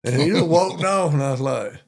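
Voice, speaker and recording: An older police chief from Monroe, Georgia, with a Southern accent tells army stories in an interview, retelling them in a folksy, repetitive, animated way. His voice is fairly high, gravelly, and fairly quick.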